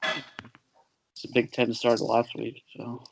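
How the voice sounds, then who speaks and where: Very low-voiced woman, offhand. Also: little pitch movement, slow pace, creaky, breathy edge, rough recording. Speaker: podcast guest. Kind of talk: casual sports chat.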